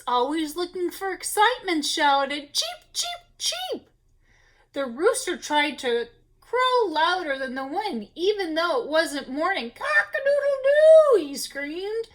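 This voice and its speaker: A woman shares a children's picture book at story time, dropping in gasps and brief comments for the little listeners. Her voice is high, fairly bright and swoops broadly, and she takes her time with each line.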